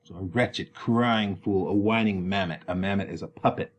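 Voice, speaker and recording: A man's voice: low voice, normal speed, a little hiss or hum. A man explaining a play to students in a conversational way, paraphrasing lines with frequent fillers. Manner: conversational, many ums, paraphrases in plain words. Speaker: teacher.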